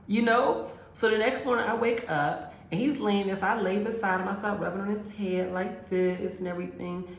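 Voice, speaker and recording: Here the woman's voice sits mid-range and gravelly, moving at normal speed as she acts out both parties in a relationship story. Direct with her advice, she calls listeners girls and honey, and the room echoes noticeably.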